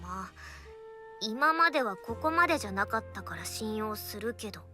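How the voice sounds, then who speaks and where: A woman's voice: mid-range voice, expressive, quick pace, bright, forceful tone, soft background music. A woman voicing a flustered, scolding young girlfriend in a visual novel game, with a girlish anime delivery. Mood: wary. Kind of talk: Japanese visual novel voice acting.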